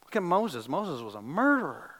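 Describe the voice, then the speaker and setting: Bright-voiced man preaching. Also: on the high side, very animated, normal speed, poor audio. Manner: swings between loud emphatic preaching and hushed storytelling; asks the congregation direct questions. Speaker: pastor. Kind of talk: sermon.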